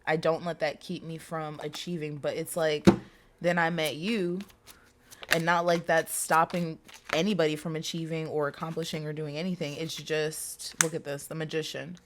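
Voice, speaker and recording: A woman's voice: low-pitched, flat delivery, normal speed, background noise. A woman reading tarot cards for her viewers in a casual, chatty way. She talks emphatically, repeats herself, and swears freely. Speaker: tarot reader.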